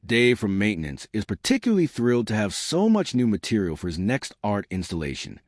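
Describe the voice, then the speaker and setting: A man's voice: on the low side, huge pitch swings, brisk, no echo, studio quality. A man voicing a cheerful, chirpy male AI assistant with a formal, chipper manner.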